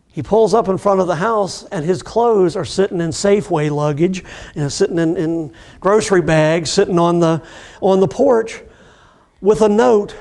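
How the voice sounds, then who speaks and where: A middle-aged man teaching about addiction recovery, telling a story in a relaxed, conversational way and acting out the people in it. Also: high-pitched, gravelly. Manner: conversational, acts out the people in his stories. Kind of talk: storytelling lecture.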